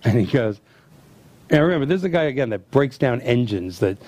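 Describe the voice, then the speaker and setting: A middle-aged man hosting a chat, telling family stories and acting out the quotes with lively energy. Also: mid-range voice, brisk, no room sound. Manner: animated storyteller acting out quotes. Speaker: host. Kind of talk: casual storytelling chat.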